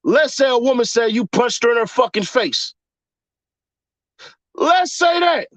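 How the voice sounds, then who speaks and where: A man's voice: extremely high pitch, lively intonation, measured pace, fairly bright tone, no room sound. A man in a casual, profane commentary rant, mocking his audience with rhetorical questions. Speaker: commentary vlogger.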